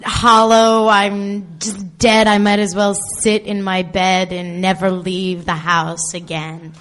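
A woman playing a slow, plaintive, wounded victim. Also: medium pitch, flat delivery, fairly bright tone. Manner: plaintive, self-pitying. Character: self-pitying, wounded woman persona. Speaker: workshop participant.

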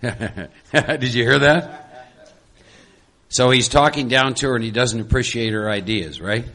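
A man leading a group workshop, animated and coaxing, often breaking into laughs. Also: medium pitch, unhurried. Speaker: workshop leader. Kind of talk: lively group workshop talk.

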